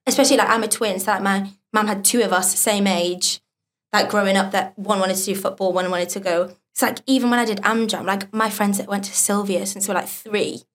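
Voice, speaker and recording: Young woman, softened Geordie accent, podcast guest, chatty, filler-heavy, mid pitch. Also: fairly even intonation, a little fast. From North East England. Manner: chatty, many "like" fillers, laughs often. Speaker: guest performer. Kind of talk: casual podcast chat.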